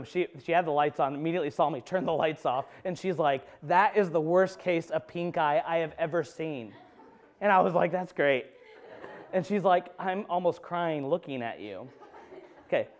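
A male pastor preaches a conversational sermon in a church. His voice is clear and smooth, sitting a little high. He tells personal stories with self-deprecating humor. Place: church sanctuary.

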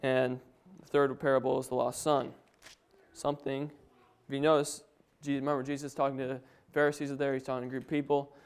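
Smooth-voiced man preaching. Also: mid-range voice, level tone, fairly quick. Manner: reads scripture aloud, then explains it with restarts and slips. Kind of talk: sermon.

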